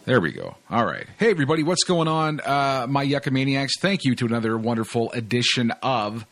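A man hosting a comedy podcast talks in a loose, rambling way, stopping often to search for words. His voice sits at an everyday middle pitch, and he sounds relaxed and chatty. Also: brisk. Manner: rambling, laid-back, full of fillers. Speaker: podcast host. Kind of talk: casual chat.

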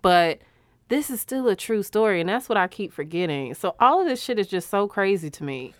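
Woman podcast co-host, smooth clear voice, dry close mic, candid and profane. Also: mid-range voice, lively intonation, brisk, no echo. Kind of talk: casual chat.

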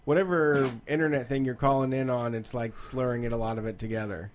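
A man's voice: medium pitch, fairly even intonation, a little fast. A man hosting a call-in show, dry and easygoing as he takes callers. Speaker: host. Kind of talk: casual call-in banter.

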